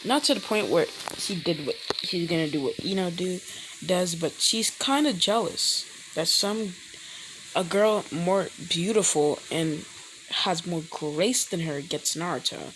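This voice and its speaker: Woman making up a fan story as she goes, kinda low voice, rambling, loud sizzling pan in the kitchen. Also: measured pace, slight background noise, low-quality recording. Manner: rambling, frequent self-corrections. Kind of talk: improvised fan-story telling. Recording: frying food sizzling behind.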